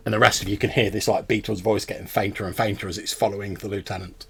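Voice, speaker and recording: Husky-voiced game master. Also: male voice, on the low side, fairly even intonation, fast, hardly any pauses, fairly bright tone. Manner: loose, chatty narration with many fillers. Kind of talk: narrating a tabletop game.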